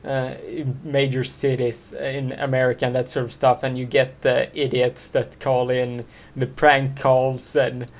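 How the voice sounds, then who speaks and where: A man hosting a casual chat show, talking in a halting way with lots of fillers and easy laughs. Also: mid-range voice, little pitch movement. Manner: halting, full of filler words, laughs easily. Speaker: podcast host.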